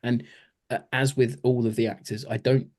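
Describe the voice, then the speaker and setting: A man's voice: mid-range voice, flat delivery, moderate pace, a little mellow. A man co-hosting a podcast, reviewing a TV series in casual, enthusiastic chat full of fillers. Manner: chatty, filler-heavy, enthusiastic. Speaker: podcast co-host.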